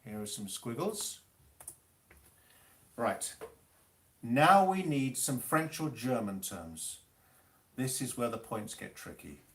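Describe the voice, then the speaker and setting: His pitch sits in the middle but swings widely, with a fairly bright tone. He's a music teacher hosting a live web quiz, pronouncing Italian terms slowly and joking with contestants about spelling and the rules.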